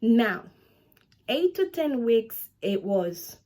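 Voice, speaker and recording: Chatty woman in her twenties, mellow voice. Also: a little high, drawn-out words. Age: 20s. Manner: animated, chatty, repeats herself for emphasis. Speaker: vlogger. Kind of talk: casual pregnancy vlog.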